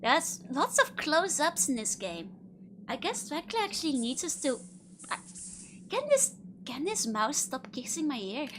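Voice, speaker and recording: A woman's voice: high-pitched, sing-song, normal speed, a bit bright, a little hiss or hum. A woman streamer giving casual gameplay commentary with playful, giggly asides.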